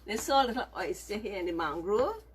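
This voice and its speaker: A woman telling a story to children, gentle and emphatic, with lots of repetition. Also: mid-range voice, sing-song, fairly quick, noisy background.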